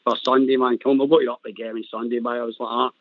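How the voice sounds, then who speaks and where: A Scottish man on a football phone-in, bantering in an animated way and saying "man" a lot, heard over a phone line. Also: medium pitch, very fast, a little hiss or hum. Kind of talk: casual football phone-in chat.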